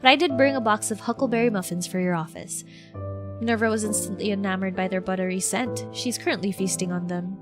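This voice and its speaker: Woman voicing a courtly gentleman patron. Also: mid-range voice, fast, close to an everyday voice. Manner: polished, formal, gently flattering. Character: courteous older male gentleman benefactor. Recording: background music playing.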